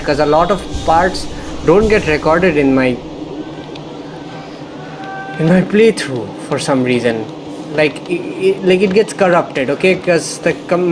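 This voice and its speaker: Excitable young gamer man, unhurried. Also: fairly high pitch, noisy background. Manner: excitable, profane, rambling. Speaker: let's play gamer. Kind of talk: casual gameplay commentary.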